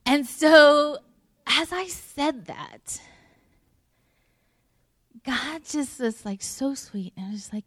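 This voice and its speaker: A woman's voice: high-pitched, expressive, slow, long pauses, no room sound. A woman pastor giving a sermon in a conversational way, full of fillers and restarts, sometimes dropping to a near whisper. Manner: drops to a near whisper at tender moments. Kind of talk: sermon with personal story.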